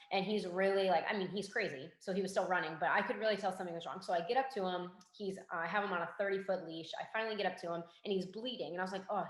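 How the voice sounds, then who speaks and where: Woman, young adult, low-pitched, lively storyteller, acts out dialogue, casual interview, roomy echo. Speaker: guest, forensic investigator and K9 handler.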